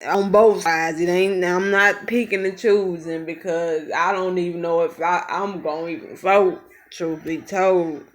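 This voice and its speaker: A woman hosting a reaction video, musing aloud in relaxed, casual commentary. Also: lowish voice, a little slow, hardly any pauses.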